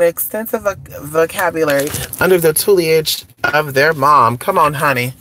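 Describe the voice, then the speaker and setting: A man's voice: sits high, bright, forceful tone. A man from California hosting a casual live stream chat, flamboyant and sassy, calling listeners honey and cheering on the chat. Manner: cheers on chat with repeated come on. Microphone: phone or computer mic on a live stream.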